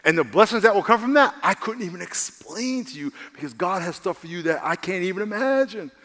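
A man preaching a lively, conversational sermon to his congregation, calling for responses. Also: sits high, fairly quick, big-room sound. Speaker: pastor. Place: church sanctuary.

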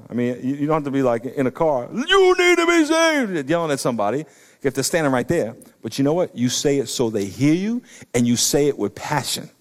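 A middle-aged man, preaching an animated sermon that breaks into loud emphatic bursts. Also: fairly high pitch. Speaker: pastor.

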